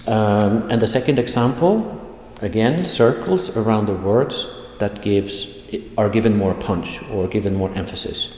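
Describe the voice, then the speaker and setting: A man teaching an online language lesson, speaking slowly and deliberately and repeating example phrases. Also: fairly low pitch. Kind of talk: online video lecture. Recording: echoey room with long reverb.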